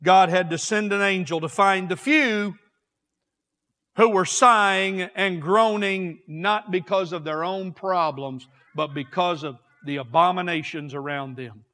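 A man preaching a sermon, swinging from quiet, slow passages to raised, shouted ones. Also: high voice. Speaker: pastor. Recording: long hall reverb.

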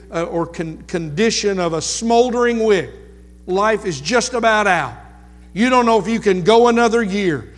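Slow, emphatic male preacher. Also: sits high. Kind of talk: sermon. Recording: long reverb with faint music.

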